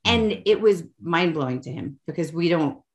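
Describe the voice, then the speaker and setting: A woman's voice: on the low side, expressive, moderate pace. A woman talking as a podcast guest from home, candid and chatty, with an emotional, self-mocking way of talking. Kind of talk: candid personal conversation.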